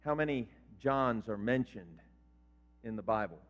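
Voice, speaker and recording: A man's voice: fairly low pitch, expressive, unhurried. Older pastor guy preaching, asks the crowd questions, echoey hall, kinda dull audio. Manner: conversational, quizzes the congregation. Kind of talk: sermon. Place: church sanctuary. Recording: reverberant hall, dull lo-fi sound.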